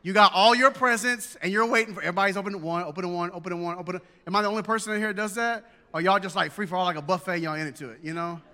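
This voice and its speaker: A man in his forties, preaching with folksy humor and building emphasis. His voice sits high and sounds bright and forceful. The sound rings with the long reverb of a hall. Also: very fast, few pauses. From Southern United States. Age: 40s. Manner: folksy storytelling with jokes, rising to emphatic preaching. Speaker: pastor. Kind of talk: sermon.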